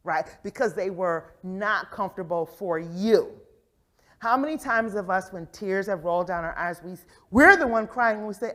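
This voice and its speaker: A woman leads a workshop session for educators, speaking in an animated, conversational way and often checking in with her audience. Her voice sits at a middle pitch. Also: normal speed. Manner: animated, acts out quoted voices, frequent "right?" check-ins. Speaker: conference presenter on early childhood education. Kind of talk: interactive professional development talk. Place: conference session room.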